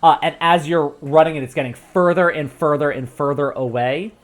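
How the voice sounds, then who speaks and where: A man's voice: a little high, normal speed. A man narrating a tabletop game as game master, rambling with many fillers and restarts, into a home microphone with a pop filter.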